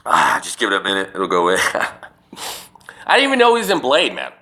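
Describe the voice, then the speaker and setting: Bright-voiced man ranting on his podcast. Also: sits low, wildly swooping pitch, fast talker. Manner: profane, rambling, emphatic. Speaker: podcast host. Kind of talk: casual solo podcast rant.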